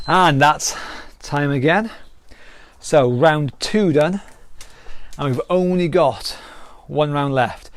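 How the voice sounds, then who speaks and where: A British fitness instructor leads a live online workout, his voice a little high and his pace slow. He's upbeat, counting down, cueing moves, and cheering people on, though he's sometimes out of breath from the exercise.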